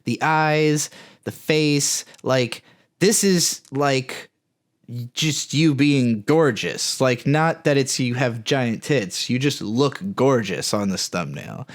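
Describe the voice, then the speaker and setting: A man's voice: medium pitch, slow. A man co-hosting a podcast in casual chat, rambling and frank, with many fillers and restarts. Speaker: podcast co-host.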